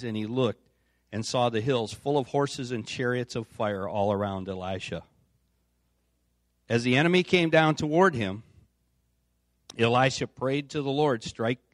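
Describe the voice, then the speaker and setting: A man's voice: medium pitch, no echo, studio quality. A man preaching an informal sermon as a pastor, reading scripture aloud with casual asides. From United States. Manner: conversational, reads aloud with asides. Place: church.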